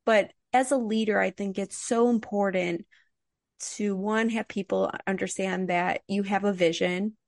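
A woman's voice: mid-range voice, steady tone, unhurried, vocal fry, a little mellow, no echo, studio quality. A woman hosting an interview, speaking enthusiastically and encouragingly to her guest. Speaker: interview host. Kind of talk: conversational interview.

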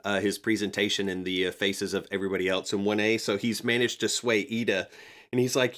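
A man co-hosting a podcast, chatting casually and thoughtfully, often pausing with fillers. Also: lowish voice, fairly even intonation, a bit bright. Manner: thoughtful, hesitant with frequent fillers. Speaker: podcast co-host. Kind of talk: casual chat.

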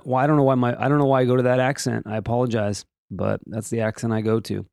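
A man's voice: mid-range voice, flat delivery, racing, creaky, few pauses, a little mellow, dry recording, studio quality. A man hosting a casual solo daily podcast, rambling and joking through the day's items with many restarts and asides. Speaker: podcast host.

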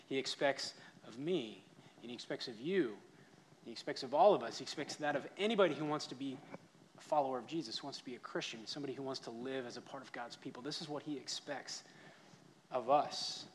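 Pastor guy preaching, mid-pitched voice, gets loud then drops soft, a bit of hiss in the background. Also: fairly quick. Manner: storytelling, varies loudness for emphasis. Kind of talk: sermon.

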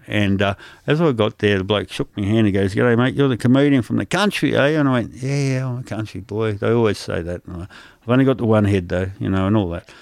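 A man's voice: on the low side, gravelly, darkish tone, dry recording. An Australian man, a comedian, telling anecdotes in a casual interview and acting out other people's lines. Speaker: comedian guest.

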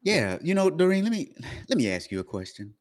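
A man's voice: on the high side, very animated, a little fast. A man co-hosting a casual live-stream morning chat, playful and joking as he asks questions. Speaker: co-host.

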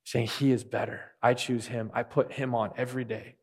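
A man's voice: medium pitch, flat delivery, brisk, hardly any pauses, a little mellow. A man preaching a sermon as pastor, earnest and repeating key phrases for emphasis. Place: church sanctuary. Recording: long reverb of a large hall.

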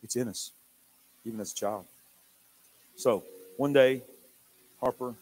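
An older man preaching a sermon in church, telling a family story with animated swings from hushed to loud. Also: mid-range voice, moderate pace, long pauses. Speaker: pastor.

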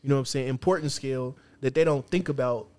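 A man's voice: medium pitch, quick pace, a little mellow. Male podcast co-host, rambling, filler-heavy casual talk. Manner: rambling, repeats words, many fillers. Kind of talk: casual chat.

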